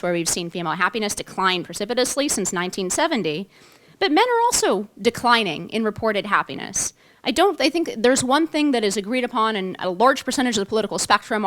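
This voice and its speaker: A woman's voice: mid-range voice, a bit bright. Female panelist, earnest and argumentative, prepared remarks with fillers. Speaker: policy analyst panelist. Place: club meeting room, audience present.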